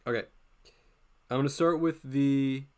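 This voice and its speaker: A man's voice: medium pitch, fairly even intonation, unhurried, darkish tone, clean tone. A man hosting a drawing live stream, talking casually and playfully as he draws, often laughing.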